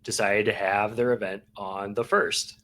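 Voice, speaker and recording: A man co-hosting a podcast, relaxed and easygoing in casual chat. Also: lowish voice, a little slow. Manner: laid-back, laughing along. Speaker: podcast co-host.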